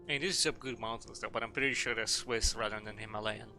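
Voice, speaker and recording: A man's voice: lowish voice, fairly even intonation, quick pace, sharp tone, faint music behind. A man streaming a game, rambling and joking with casual swearing. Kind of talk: casual gameplay commentary.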